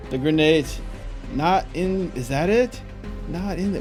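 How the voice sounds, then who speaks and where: A man giving frantic live gameplay commentary, exclaiming and frustrated, later calmly narrating. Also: a little high, takes it slowly, soft background music. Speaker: gaming YouTuber.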